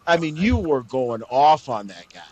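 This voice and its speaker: A man's voice: mid-range voice, very animated, moderate pace, darkish tone, no room sound. A man hosting a podcast, talking conversationally and addressing his audience directly. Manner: conversational, speaks straight to the audience. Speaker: podcast host. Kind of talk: casual interview chat.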